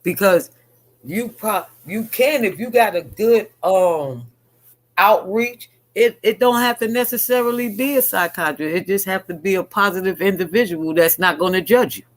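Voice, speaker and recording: A man's voice: sits high, normal speed, rough recording. A man talking candidly and earnestly in a casual online talk show, often restarting his sentences.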